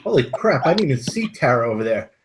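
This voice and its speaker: A man's voice: mid-range voice, big pitch swings, fast talker, background noise. A man chatting casually in an online hangout, joking in a dry way. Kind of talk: casual chat.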